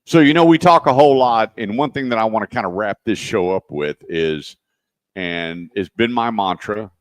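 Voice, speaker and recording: A man's voice: on the low side, moderate pace, no room sound, studio quality. A man hosting a car radio show in a casual, folksy way, telling stories and acting out the people in them. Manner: folksy storyteller acting out quoted voices.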